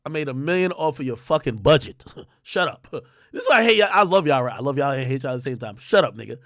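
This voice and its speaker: A man hosting a livestream, ranting in a profane, confrontational, rapid-fire way. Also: medium pitch, sing-song, fairly bright tone, dry recording, clean studio sound. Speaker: livestream host. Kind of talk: heated livestream rant.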